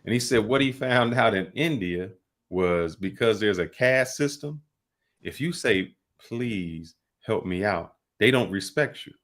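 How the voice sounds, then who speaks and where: A man hosting a casual podcast, telling loose stories with drawn-out fillers and restarts. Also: medium pitch, animated, fairly bright tone. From United States. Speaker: podcast host.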